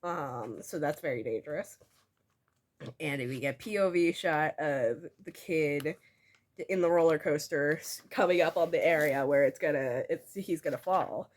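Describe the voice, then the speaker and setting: A young adult woman reading aloud from a comic she drew as a child, giggling often and gently poking fun at herself. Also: sits low, measured pace. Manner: giggly, breaks into laughter often; playfully self-mocking. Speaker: vlogger.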